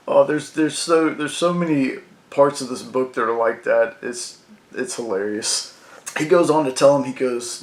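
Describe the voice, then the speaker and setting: A man's voice: mid-range voice, normal speed. A man casually reviewing a comic book, rambling with many fillers. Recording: roomy echo.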